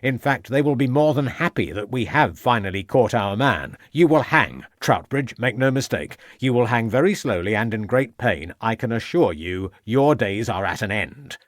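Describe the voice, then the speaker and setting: A man's voice: medium pitch, expressive, normal speed, few pauses, dry recording, natural voice. A man playing a stern interrogating inspector, firm, threatening, dry close sound.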